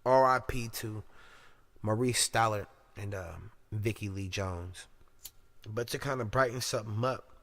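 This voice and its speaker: Bright-voiced profane podcast host. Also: male voice, fairly low pitch, measured pace. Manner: loud, swearing rants with shouted put-on voices. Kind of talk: profane casual monologue.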